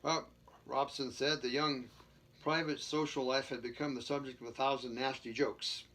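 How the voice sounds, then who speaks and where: A man's voice: mid-range voice, flat delivery, moderate pace, fairly bright tone. A man reading a book aloud, stumbling and restarting and dropping jokey asides between passages. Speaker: reader.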